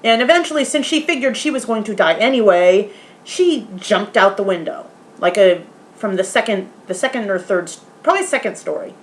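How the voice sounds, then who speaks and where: Excitable swearing woman reviewing a movie. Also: mid-range voice, brisk. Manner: animated, swearing, retelling scenes with quoted voices; softly talks aside to a pet. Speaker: vlogger. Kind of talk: casual movie review vlog.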